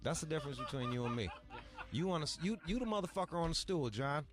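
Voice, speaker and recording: A man's voice: on the high side, lively intonation, fast, over music. A man from Michigan telling a long, profane story in casual chat, full of asides and acted-out quotes. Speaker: podcast host.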